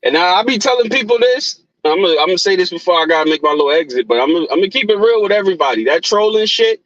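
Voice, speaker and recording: A man's voice: high-pitched, animated, rapid-fire, a bit bright, dry recording, dull audio. A man talking in a casual, earnest way as a guest, cursing freely and repeating himself as he makes his point.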